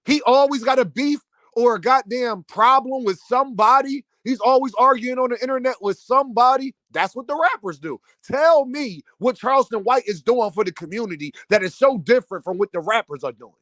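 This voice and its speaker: High-voiced man ranting in heated commentary. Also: expressive, a little fast, a bit bright, dry recording. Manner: heated, preachy, repetitive rhetorical questions. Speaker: commentary host. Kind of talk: impassioned commentary rant.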